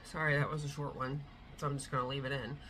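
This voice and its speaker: A woman's voice: a bass voice, little pitch movement, fast talker, fairly bright tone, a little hiss or hum, low-quality recording. A middle-aged woman, chatting casually to her tripod camera at home, rambling with lots of fillers. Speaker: vlogger. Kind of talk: casual vlog chat. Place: at home, indoors.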